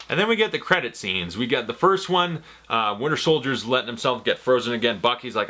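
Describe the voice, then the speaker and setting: A young man rambling excitedly and swearing freely in a casual movie review vlog. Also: mid-range voice, quick pace, hardly any pauses.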